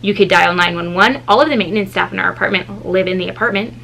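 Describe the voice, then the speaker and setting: A woman in her thirties, a mother and vlogger, telling a story in a casual, animated way and acting out the people in it. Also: quick pace, creaky, slight background noise, poor audio. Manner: animated, acts out quoted people with shifting pitch.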